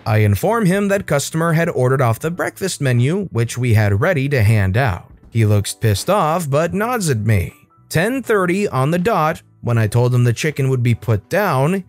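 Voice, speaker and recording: A man reading online stories aloud as a storytime channel narrator in a scripted, expressive style. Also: fairly high pitch, normal speed, soft background music.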